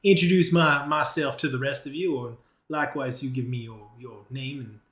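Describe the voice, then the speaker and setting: A man voicing a folksy male trader who drawls and hesitates as he pitches a deal. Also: normal speed, a bit bright, natural voice. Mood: wheedling. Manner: drawling, hesitant, full of uhs. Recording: roomy echo.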